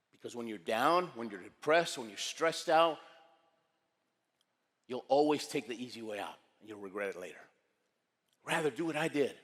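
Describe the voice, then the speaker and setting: A man in his sixties giving a motivational keynote, telling his story in an animated, punchy, dramatic way. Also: mid-range voice, in a large hall.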